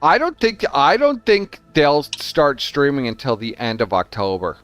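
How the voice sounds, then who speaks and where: A man hosting a casual group podcast chat, animated, sometimes breaking into a loud mock voice. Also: medium pitch, unhurried, faint music behind. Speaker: podcast host.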